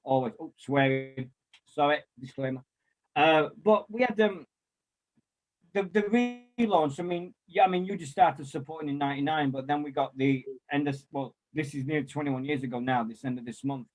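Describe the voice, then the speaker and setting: A man, chatting casually and telling lively anecdotes with mild swearing and quoted voices. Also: a little high, normal speed. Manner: animated storyteller, mild swearing, acts out quotes. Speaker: former club volunteer and kit man.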